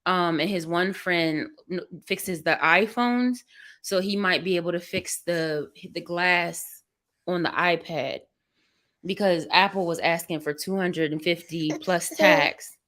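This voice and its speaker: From her bedroom, a young woman livestreams to viewers, venting candidly and emotionally about being tired and overwhelmed with a baby. Her lowish, fairly bright voice is unhurried, and she rambles.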